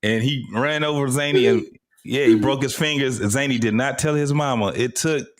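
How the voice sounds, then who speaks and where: A man's voice: medium pitch, normal speed, background noise. A young man co-hosting a casual podcast, telling a childhood story and laughing often as he talks. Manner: animated, laughs often while telling stories. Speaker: podcast co-host.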